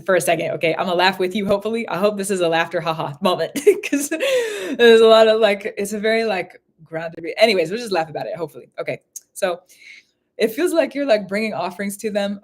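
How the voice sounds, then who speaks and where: A woman giving a live spiritual reading in casual chat, who laughs often and repeats phrases. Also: fairly low pitch. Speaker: spiritual reader.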